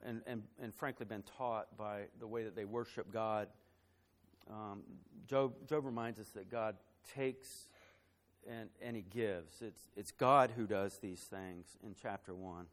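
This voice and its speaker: Preaching at a measured pace, this pastor has a medium-pitched voice with fairly even intonation. Loud, emphatic phrases give way to a quiet personal story, and some fillers and repeated words slip in.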